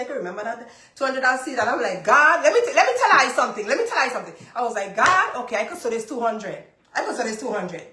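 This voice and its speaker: Woman host, animated and repetitive storyteller, echoey room. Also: a little high. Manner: animated storytelling, repeats phrases for emphasis. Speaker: business coach and livestream host. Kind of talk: casual testimony to a live audience.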